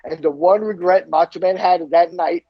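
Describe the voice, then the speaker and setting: A man with a high, gravelly voice tells stories with animated energy, laughing along as he goes. The recording is dry and a little dull, close to the mic. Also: normal speed, no echo. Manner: animated storyteller who laughs often. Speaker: podcast co-host. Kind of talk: casual chat.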